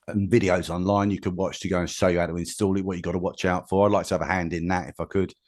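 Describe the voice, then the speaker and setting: A man's voice: low voice, little pitch movement, fast talker, darkish tone. A man from England, an inventor being interviewed, who talks plainly and rambles with many restarts. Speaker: inventor guest. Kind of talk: casual interview chat.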